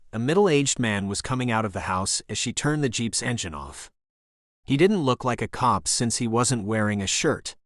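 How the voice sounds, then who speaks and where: A man narrating an action thriller audiobook in a steady, even reading voice. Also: mid-range voice, no room sound, clean studio sound. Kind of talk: scripted narration.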